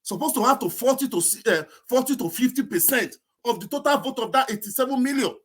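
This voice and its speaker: A man's voice: extremely high pitch, animated, fast talker, husky. A man with a Nigerian accent talking emphatically and with exasperation in a casual political discussion, mixing in Pidgin.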